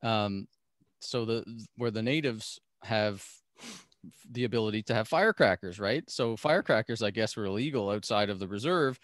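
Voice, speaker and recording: Animated man telling a story, dry sound. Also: on the low side, normal speed, dry recording. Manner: animated, laughs often, acts out quoted voices. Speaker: podcast guest. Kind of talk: storytelling in a casual interview.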